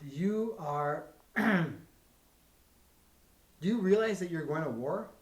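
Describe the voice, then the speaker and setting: A male interviewer asks probing questions and often cuts in. His voice sits a little high, and the room around him is roomy and echoey. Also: lively intonation, slow pace. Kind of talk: oral history interview.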